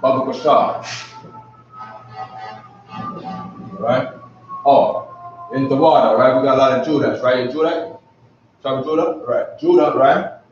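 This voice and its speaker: A man's voice: medium pitch, measured pace, pauses often, soft background music. A man teaching a class in a casual, slangy way, often asking if listeners follow him. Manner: slangy, keeps asking "you know what I'm saying". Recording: echoey room, distant mic, dull lo-fi.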